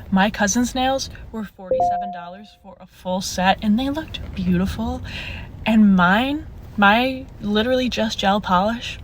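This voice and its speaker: A young woman recounts a story in a casual storytime voice. She sounds exasperated and incredulous, and laughs as she talks. Her pitch sits in an ordinary middle range. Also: a little hiss or hum.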